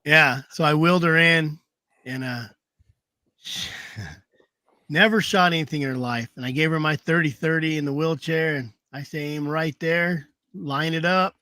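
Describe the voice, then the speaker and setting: Higher-pitched man swapping hunting stories on a video call, rambling and laughing often, dry sound. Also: measured pace, sharp tone, no echo. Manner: rambling, laughs through anecdotes. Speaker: hound hunter telling stories. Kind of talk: casual storytelling chat.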